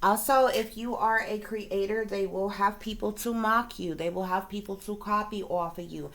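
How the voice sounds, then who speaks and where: In a medium-pitched, fairly bright voice with fairly even intonation, a woman speaks at a moderate pace. She is a psychic reader and video creator giving a casual, cursing rant to her viewers, and she checks in with them often.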